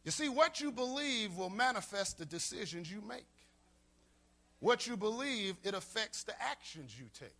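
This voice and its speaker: High, lively preaching man. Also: moderate pace, creaky. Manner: preaching with call-and-response emphasis and repetition. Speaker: pastor. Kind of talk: sermon.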